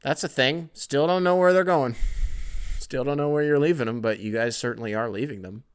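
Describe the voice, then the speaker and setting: A young man hosts a solo podcast, ranting casually with plenty of swearing and self-deprecating asides. His mid-range voice is smooth and at a normal speed.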